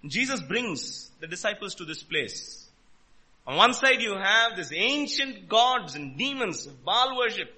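A man preaching a sermon, emphatic and full of rhetorical questions, swinging between loud and quiet. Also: sits high, big pitch swings, unhurried. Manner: emphatic, rhetorical questions, rises and drops in volume.

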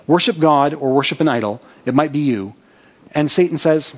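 A man's voice: medium pitch, normal speed, breathy edge. A man preaching a sermon as pastor, talking conversationally, reading scripture aloud with his own asides and checking in with "right?".

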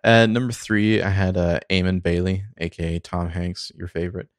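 A man co-hosting a movie podcast, his speech full of hesitant fillers as he talks. His voice is very low, and it is recorded close and dry. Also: little pitch movement, moderate pace, dry recording. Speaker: podcast co-host. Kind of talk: casual movie review chat.

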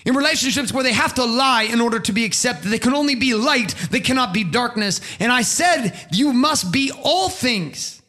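Brief: middle-aged male motivational speaker, emphatic and preachy, high pitch, bright tone. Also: a little fast, few pauses. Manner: preachy, emphatic, swears freely. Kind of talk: impassioned motivational monologue.

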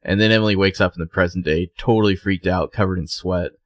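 A man's voice: low voice, fairly even intonation, no room sound. A man co-hosting a casual podcast, retelling scenes and quoting characters. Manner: retells scenes with quick quoted voices. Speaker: podcast co-host recapping a TV episode. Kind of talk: casual chat.

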